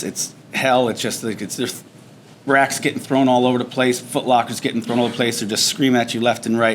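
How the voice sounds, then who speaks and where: A man of ordinary mid-range pitch tells a personal story at a veterans' breakfast, his delivery loose and conversational. He speeds up and slows down as the story moves. Faint room ambience sits behind him. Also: slight background noise. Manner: animated storyteller, acts out shouted drill instructor lines. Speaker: veteran speaker. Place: banquet hall at a veterans breakfast.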